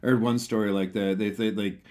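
A man's voice: lowish voice, fairly even intonation, fairly quick, darkish tone. A man co-hosting a podcast, laid-back over drinks, often repeating words as he restarts. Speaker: podcast co-host. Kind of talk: casual drinking chat. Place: Japan.

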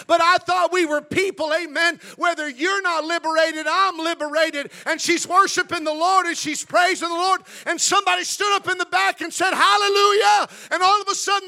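In a church sanctuary, a male pastor with an American accent delivers a sermon, beginning with a quiet story and building to loud, shouted preaching. His voice is very high and gravelly.

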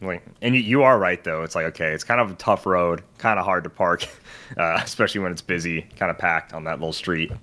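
A young man co-hosting a podcast talks casually in a low voice, a little on the fast side. He's an animated storyteller who acts out the people he quotes.

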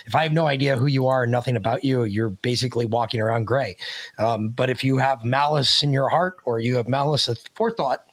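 A middle-aged man hosting a podcast, telling stories in a loose, profane, animated way. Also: medium pitch, brisk, no echo. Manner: loose, swearing, animated retelling. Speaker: podcast host. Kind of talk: casual chat, profane storytelling.

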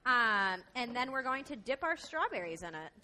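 A woman's voice: fairly high pitch, sing-song, moderate pace, bright, forceful tone, a little hiss or hum. A woman chef demonstrating a recipe on live radio, explaining step by step with many "um" fillers. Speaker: chef and cooking instructor.

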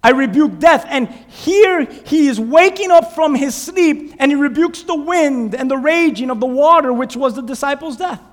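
A man preaching a sermon as pastor to a church congregation on a clip-on mic, animated and dramatic, often quizzing the listeners. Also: very high voice, moderate pace, hardly any pauses. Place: church sanctuary. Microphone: clip-on lapel mic. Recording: reverberant church hall.

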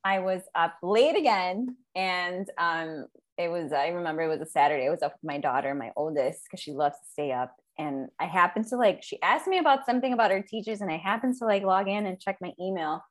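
A woman guest and business owner telling a story in a casual interview, animated, slipping Spanish phrases into her English. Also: fairly low pitch, a little fast, hardly any pauses.

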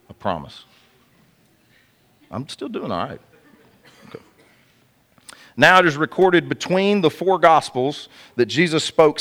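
Casual man preaching. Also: mid-range voice. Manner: conversational, jokey preaching to a congregation. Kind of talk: sermon.

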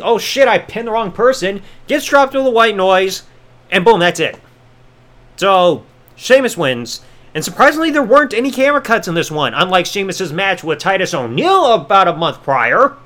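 Sarcastic, lively-voiced man. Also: high-pitched. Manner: sarcastic, profane, rambling. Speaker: podcast host. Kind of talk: wrestling review podcast.

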